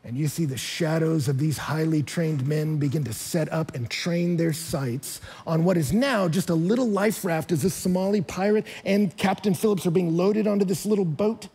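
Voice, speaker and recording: A man preaching to a church with a husky, slightly high voice. He talks emphatically, his voice jumping up and getting loud when he hammers a point home. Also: normal speed, hardly any pauses. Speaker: pastor. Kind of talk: sermon. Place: church hall.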